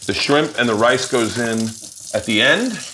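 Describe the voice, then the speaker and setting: A man talking casually as he cooks, quick and chatty, telling stories between steps. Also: mid-range voice, lively intonation, noisy background. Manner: quick, storytelling. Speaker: cook on the show. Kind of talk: casual kitchen banter.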